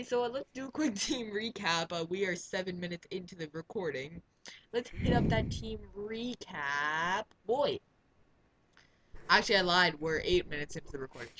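A man's voice: high voice, lively intonation, a little fast, hardly any pauses, sharp tone, slight background noise, rough recording. A man co-hosting a let's play, chatting casually and laughing often as he comments on the game. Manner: giggly, rambling, jokey.

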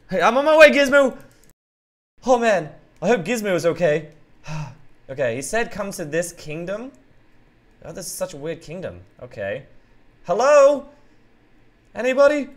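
A man hosting a game roleplay who talks excitably and keeps yelling out names and exclamations. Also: fairly high pitch.

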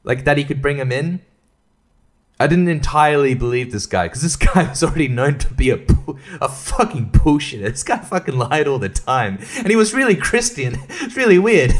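A young man hosting a casual solo podcast, rambling and swearing, often laughing at himself. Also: on the high side. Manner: rambling, profane, self-mocking with frequent laughs. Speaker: podcast host.

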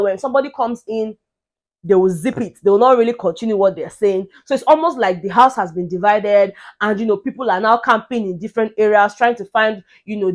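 This is a young woman with a Nigerian accent that slides into Pidgin, talking casually to her viewers. Her voice sits somewhat high. She sounds animated, dropping to soft asides and then rising to loud exclaims. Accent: Nigerian English with Pidgin. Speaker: reality show recap vlogger. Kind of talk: casual commentary.

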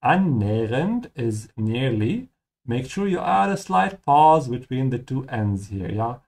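A man teaching German through game dialogue, explaining each line in a friendly way and repeating key words slowly. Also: mid-range voice, big pitch swings, creaky, darkish tone.

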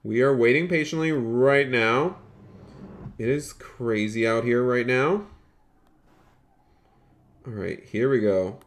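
A man live-streaming a roleplay game, chatting excitedly with his viewers and calling out to customers, often repeating his phrases. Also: mid-range voice, takes it slowly, pauses often. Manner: excitable, chatty, talks straight to his chat; repeats phrases, calls out in a raised shop-counter voice. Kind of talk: live gaming stream commentary.

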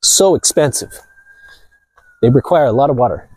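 A man vlogging outdoors near the ocean, ranting casually to his viewers in a preachy, animated way. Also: medium pitch, normal speed, husky, dry recording, low-quality recording. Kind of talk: casual outdoor rant to camera.

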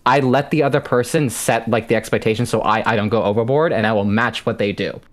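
A man's voice: mid-range voice, quick pace. Stammering young man calling in. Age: 20s. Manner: rambling, stammering, profane. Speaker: caller. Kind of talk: call-in on a stream.

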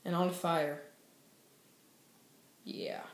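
A woman's voice: fairly low pitch, fairly even intonation, drawn-out words, echoey room. A young woman casually reviewing TV shows in a goofy, playful way, breaking into sing-song cheers. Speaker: YouTube TV show reviewer.

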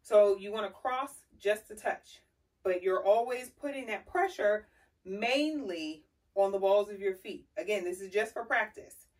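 A woman giving a casual, lively tutorial, chatty and sassy as she demonstrates while walking around a carpeted room. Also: medium pitch, measured pace. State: slightly out of breath. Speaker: style vlogger teaching heel walking. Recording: voice from a distance.

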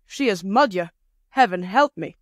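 A woman's voice: medium pitch, animated, moderate pace, no echo, clean studio sound, natural voice. A woman voicing a timid male traveler who talks anxiously and exclaims often.

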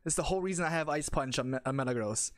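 A young man hosting a casual chat about a competitive match he played, excited and rambling, calling his friend bro and dude. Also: fairly high pitch, racing, no echo. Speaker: channel host and competitive player.

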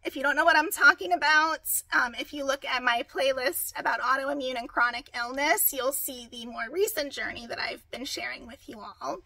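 A woman with a hoarse, raspy voice, chatting upbeat and direct to viewers in a casual how-to vlog. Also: sits high, moderate pace, few pauses, bright, forceful tone, no echo, poor audio. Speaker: vlogger.

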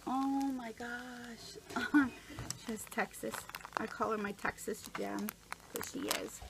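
A woman vlogging at home, gushing with excited exclamations as she unboxes a package on camera. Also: medium pitch, moderate pace, creaky, very noisy. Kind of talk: casual unboxing vlog.

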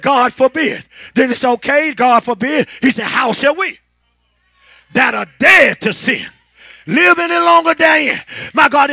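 A pastor preaching a fervent sermon, calling to the congregation and building to a shout. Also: male voice, extremely high pitch, creaky, no echo.

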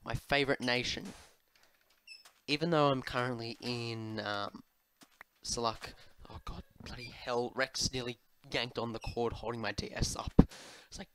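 A man talks over his gameplay at a home desk microphone, answering viewer questions. He drifts along unhurried, with a mid-range voice and plenty of ums and side remarks to his pet. A faint hiss sits under the recording. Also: mid-range voice, pushed and bright. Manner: rambling and chatty, with many fillers, asides to his pet. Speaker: Minecraft YouTuber.

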